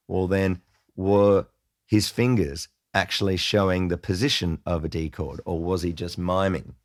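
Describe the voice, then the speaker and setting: A man telling a casual, chatty story to camera, excitable and self-deprecating. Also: deep voice, no room sound, clean studio sound. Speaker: music vlogger.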